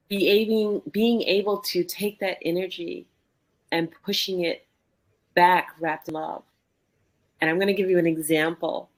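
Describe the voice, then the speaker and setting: A woman co-hosting a podcast, telling a personal story in an animated way and acting out the dialogue. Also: fairly low pitch. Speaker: podcast co-host. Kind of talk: conversational storytelling.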